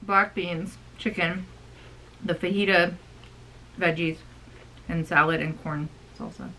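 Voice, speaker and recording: Bright animated woman vlogger. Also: fairly low pitch, slow pace, rough recording. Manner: animated storytelling, frequent laughs. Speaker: co-host of a thrift channel. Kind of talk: casual chat.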